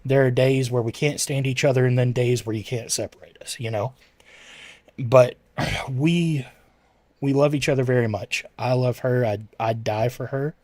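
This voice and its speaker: A man's voice: mid-range voice, fairly even intonation, normal speed, darkish tone, dry recording. A man chatting casually with his livestream viewers, rambling and correcting himself as he answers chat messages.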